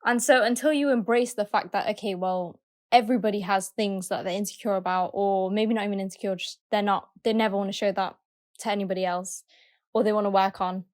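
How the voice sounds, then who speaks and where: A woman's voice: mid-range voice, steady tone, fairly quick. A woman co-hosting a podcast, talking in an earnest, rambling way and searching for her words. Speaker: podcast co-host. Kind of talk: casual chat.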